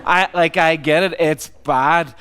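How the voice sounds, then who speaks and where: A man's voice: fairly high pitch, fairly even intonation, slow, sharp tone, clean tone. A middle-aged man from Northern Ireland with a Northern Irish accent tinged by Canadian and Australian, preaching a sermon as a visiting pastor in a humorous, self-deprecating, conversational way. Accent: Northern Irish, mixed with Canadian and Australian.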